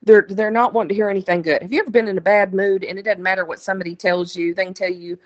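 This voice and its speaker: A woman's voice: mid-range voice, steady tone, rapid-fire, dull audio. A woman teaching a Bible study, reading scripture aloud and explaining it in a plain, conversational way with asides to her listeners.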